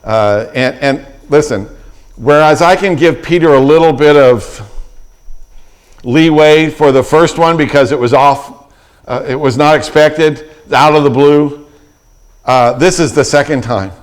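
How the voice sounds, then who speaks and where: A man's voice: fairly high pitch, measured pace, smooth. A middle-aged man preaching a sermon as pastor, retelling scripture with vivid, acted-out quotes and frequent restarts.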